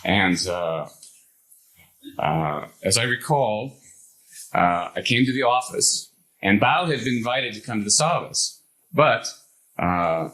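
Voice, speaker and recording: An older man telling a personal anecdote to a live audience, animated, acting out the others' lines in the story. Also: on the low side, takes it slowly, pauses often, rough recording.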